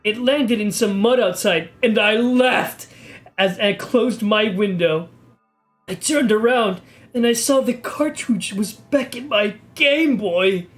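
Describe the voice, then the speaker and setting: A man giving a mock-serious, deadpan reading of an amateur horror story, stumbling over the text now and then. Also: high voice, takes it slowly, faint music behind. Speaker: video creator reading a story.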